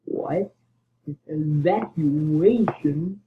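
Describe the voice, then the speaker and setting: A man giving excitable gaming commentary, bursting into panicked yelling and muttering asides under his breath. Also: fairly high pitch, very slow. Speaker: gamer. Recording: tinny phone-like mic with faint hiss.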